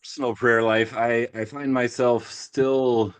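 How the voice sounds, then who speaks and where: Slow, smooth-voiced man. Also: medium pitch, flat delivery. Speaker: podcast co-host. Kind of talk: casual conversation.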